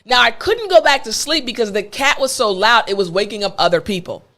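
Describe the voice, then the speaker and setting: A woman's voice: on the high side, animated, a little fast, a bit bright. A woman with an American accent, an English teacher telling a story in a playful, conversational way. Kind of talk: storytelling lesson.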